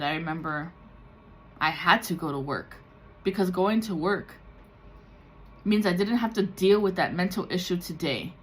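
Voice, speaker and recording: A woman's voice: fairly low pitch, fairly bright tone, slight background noise. A woman tarot reader talking raw and confessional in a personal vlog, swearing freely and slipping into the voices of people she quotes. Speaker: tarot reader and spiritual content creator. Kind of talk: candid emotional personal vlog.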